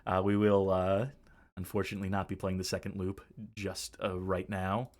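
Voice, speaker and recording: A man's voice: deep voice, monotone, moderate pace, darkish tone. Male host for casual game-stream talk: rambling and self-correcting, with frequent chuckles. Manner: chuckles often.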